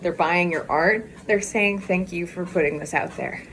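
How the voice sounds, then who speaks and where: A woman vlogs while out walking, her lowish voice moving at a normal pace over a bit of background noise from the phone recording. Breathless and excitable, she chats in a bubbly way and laughs a lot.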